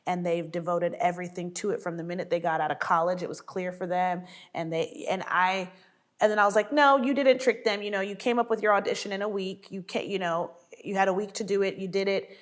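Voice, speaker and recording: A woman's voice: fairly low pitch, little pitch movement, fairly quick. A woman comedian chatting in an interview. She tells stories animatedly, acts out quotes, and laughs often. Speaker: sketch comedy cast member. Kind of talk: casual interview chat.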